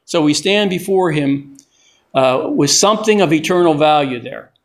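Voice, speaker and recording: Older guy giving a sermon, a bit higher voice, chatty, keeps restarting words. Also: lively intonation, normal speed. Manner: conversational, often repeats and restarts words. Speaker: preacher.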